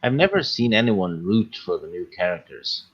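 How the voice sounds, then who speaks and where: A man with a very low voice joins a casual panel chat, talking hesitantly and filling his speech with pauses. His audio is dull and muffled, like a lo-fi call. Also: very animated, husky. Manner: slow, hesitant, full of uhs.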